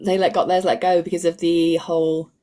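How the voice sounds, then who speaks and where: A woman's voice: lowish voice, little pitch movement, fairly quick, mellow. Playful woman co-hosting a football podcast. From Britain. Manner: playful, reads out listener comments. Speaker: podcast co-host. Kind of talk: casual chat about women's football.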